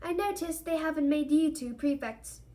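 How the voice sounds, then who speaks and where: A woman's voice: high-pitched, moderate pace, voice pushed up, lightly acted. A woman voicing a strict, proud mother in a read-aloud novel who scolds and snaps. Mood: scolding. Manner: scolding, snapping.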